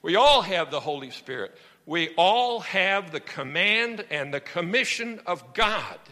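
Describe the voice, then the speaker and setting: A male pastor preaching a sermon in an animated storytelling manner. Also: high-pitched, a little slow, big-room sound.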